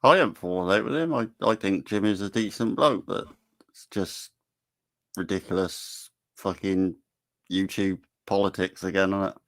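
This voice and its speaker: A man's voice: low voice, normal speed, fairly bright tone, dry recording. A man chatting casually on a stream in a laid-back, dry, teasing way. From not from Cornwall. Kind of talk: casual chat.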